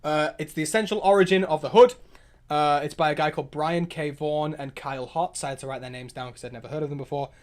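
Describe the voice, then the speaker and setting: An excitable male streamer with a fairly high voice, riffing on viewer comments in a loose, rambling way. He jumps between opinions with quick restarts and eager asides, keeping a casual livestream chat going. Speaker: livestream host.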